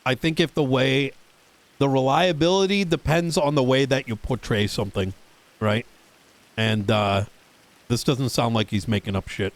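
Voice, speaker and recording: A man playing a police boss in a roleplay game, talking in a halting, casual way with fillers and swearing. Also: mid-range voice. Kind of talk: casual in-character roleplay chat.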